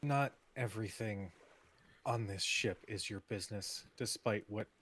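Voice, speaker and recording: A man's voice: on the low side, unhurried, fairly bright tone, husky. A man voicing a cold, hostile male crewman on a ship. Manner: cold, curt.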